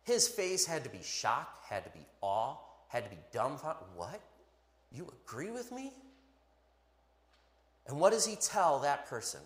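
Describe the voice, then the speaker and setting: A man preaching a sermon in a church, emphatic and animated, with playful asides to the congregation. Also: medium pitch, normal speed, few pauses. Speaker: pastor. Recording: echoey hall.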